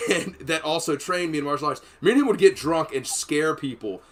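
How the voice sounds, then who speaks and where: A man's voice: on the high side, fairly quick. A man hosting a podcast, telling long profane stories in a rambling, casual way and laughing between them. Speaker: podcast host. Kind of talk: casual storytelling chat.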